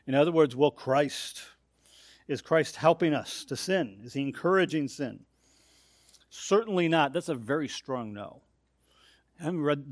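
A man's voice: medium pitch, dry recording, clean studio sound. A man preaching an expository sermon, explaining a text point by point and putting hard stress on the key phrases.

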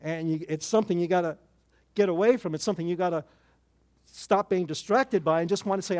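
Older male pastor, high-pitched, informal storytelling sermon with wry humor. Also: brisk, a little mellow. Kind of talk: conversational sermon.

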